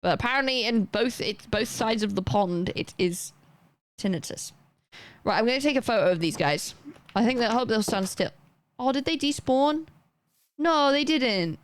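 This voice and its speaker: A woman's voice: a little high, expressive, moderate pace. A young woman livestreaming a game, chatting casually and rambling as she plays and talks to her chat.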